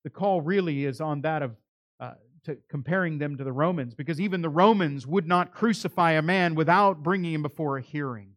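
A man's voice: fairly high pitch, a little fast, a bit bright, no room sound, studio quality. A male pastor preaching a sermon, earnest and pleading, building to emphatic calls.

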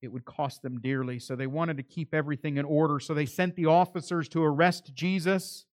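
A man delivering a sermon with a dramatic swing, voicing quoted speakers as he goes. His voice sits fairly high for a man. It sounds close and dry, with no room around it. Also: steady tone, fairly quick, dry recording. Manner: dramatic preaching, acting out quoted voices, rising and dropping loudness. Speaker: pastor.

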